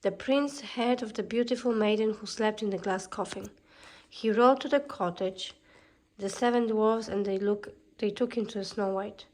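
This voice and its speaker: A woman narrating a fairy tale as a calm storybook reading. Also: medium pitch, normal speed.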